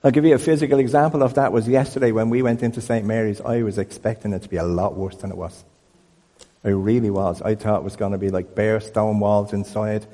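A man preaching a sermon as a pastor, telling stories in a conversational, animated way. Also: on the low side, a little fast, in a large hall. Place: church building.

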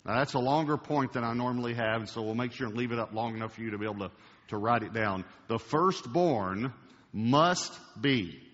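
A man preaching a sermon to a church congregation, emphatic, slowing down to stress key words. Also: mid-range voice, steady tone, fairly bright tone. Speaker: pastor. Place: large church auditorium. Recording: dull recording with long hall reverb.

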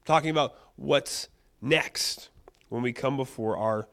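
A man preaching a sermon in a conversational, animated way, with frequent restarts and rhetorical questions. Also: medium pitch, a little slow. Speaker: pastor.

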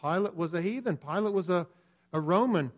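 Man, preacher, sermon, earnest, emphatic, slightly high voice. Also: expressive, fairly quick.

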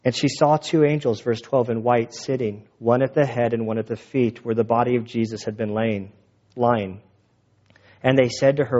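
Casual storytelling preacher, dull recording. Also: male voice, medium pitch, normal speed, a little mellow. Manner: casual, conversational storytelling with asides. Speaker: pastor. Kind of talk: sermon.

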